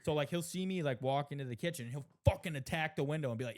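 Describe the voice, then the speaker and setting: A young man chatting casually as a podcast co-host, telling animated stories full of swearing and laughter. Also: mid-range voice, very fast. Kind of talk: casual chat.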